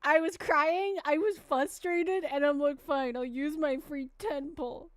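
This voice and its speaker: A woman streamer with a high, steady voice talks unhurriedly with her viewers in a dry recording. Her chat rambles and her sentences restart, and she softens into baby talk when addressing her pet.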